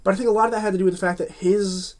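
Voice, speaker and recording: A man's voice: high voice, fairly even intonation, racing, a little mellow. A man giving a casual spoken movie review, chatty and full of fillers and restarts.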